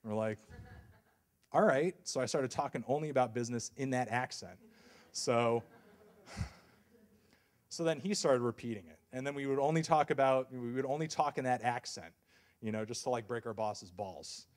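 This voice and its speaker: A young man gives a casual university talk about his work as a music reviewer. He rambles and jokes at his own expense, with plenty of fillers and restarts. His voice sits at an ordinary, mid-range pitch for a man. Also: moderate pace. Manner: rambling and self-deprecating, with many fillers and restarts. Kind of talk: casual lecture.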